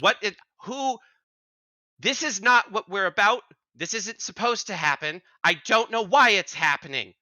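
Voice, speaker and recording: A man voicing a flustered female drow druid, chirpy and quick to complain. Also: high-pitched, animated, sharp tone, no echo, pitched above the performer's own voice, heavily acted. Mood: frustrated.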